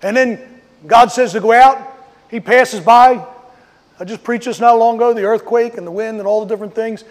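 High-voiced preacher with long reverb. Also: male voice, steady tone, moderate pace. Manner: storytelling, rising to emphatic when acting out quotes. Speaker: pastor. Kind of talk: sermon. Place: outdoors on a street.

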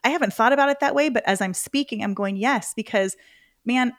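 A woman's voice: fairly high pitch, fairly quick, no room sound, clean studio sound. A middle-aged woman, a podcast guest, chatting casually and animatedly, acting out her own reactions as she tells a story. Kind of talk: casual interview chat.

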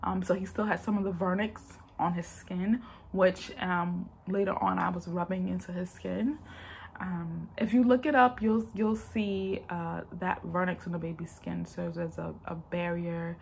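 A woman's voice: lowish voice, steady tone, unhurried, vocal fry, slight background noise. A woman vlogger telling a personal story in a casual, rambling way and talking straight to her viewers.

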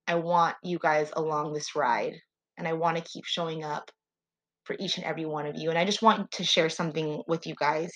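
A woman's voice: low-pitched, fairly bright tone, rough recording. A woman hosting a solo faith podcast, talking in an earnest, prayerful and heartfelt way. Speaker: podcast host.

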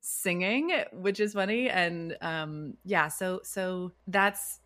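A young adult woman, an impressionist, talking casually in an interview with lots of fillers and quick jumps into quoted voices. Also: on the low side. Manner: chatty, many "like" fillers, lively swings into quoted voices. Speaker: impressionist and video creator.

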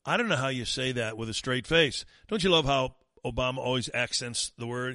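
A man's voice: mid-range voice, fairly quick, hardly any pauses, pushed and bright, no echo, clean studio sound. A man hosting a talk show, giving sarcastic, mocking political commentary. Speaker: talk radio host.

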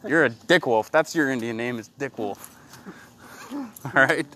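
A man chatting and joking crudely while hiking in the woods, teasing his friend with loud outbursts. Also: medium pitch, unhurried. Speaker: hiker filming outdoors. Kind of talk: casual joking chat. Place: woods outdoors.

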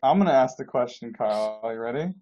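A man's voice: medium pitch, lively intonation, fast, warm tone, slight background noise. A man hosting a podcast in casual conversation, playful and teasing. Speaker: podcast host. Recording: dull lo-fi sound.

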